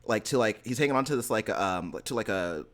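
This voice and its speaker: A man's voice: on the low side, expressive, brisk, a bit bright. A man hosting a gaming podcast, chatting casually and rambling with many fillers and restarts. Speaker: podcast host. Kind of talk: casual chat.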